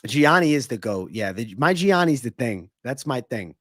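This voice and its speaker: A man's voice: medium pitch, big pitch swings, no room sound. Young man, Northeastern American accent, casual livestream host, profane banter, close dry mic. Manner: casual, profane, banters with chat between quick celebrity impressions.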